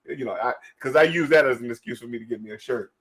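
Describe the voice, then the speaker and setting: Excitable forties male host, casual chat, quick laughs and repeated words. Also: mid-range voice, breathy edge. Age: 40s. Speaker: podcast host.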